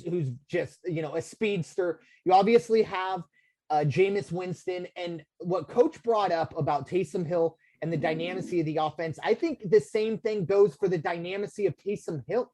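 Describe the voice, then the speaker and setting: A man's voice: sits high, warm tone, dry recording. Rambling American man on a podcast. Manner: rambling, filler-heavy, many restarts. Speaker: podcast co-host. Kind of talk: casual sports talk.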